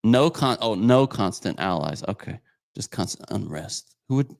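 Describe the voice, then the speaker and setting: A man's voice: on the low side, animated, normal speed, vocal fry, a little mellow, no room sound, clean studio sound. A man co-hosting a casual podcast, reading viewer comments aloud in a rambling way with many fillers. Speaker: podcast co-host reading super chats.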